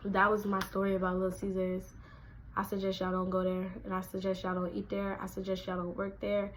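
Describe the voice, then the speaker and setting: A young woman, telling a casual storytime, animated and acting out quotes in a raised voice. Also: mid-range voice, a little fast, a little hiss or hum, rough recording. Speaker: vlogger.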